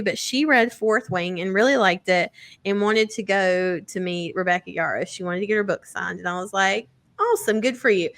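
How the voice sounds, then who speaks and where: A woman's voice: mid-range voice, a bit bright. Chatty woman in casual chat. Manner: chatty, laughs often, acts out quotes. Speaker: podcast co-host.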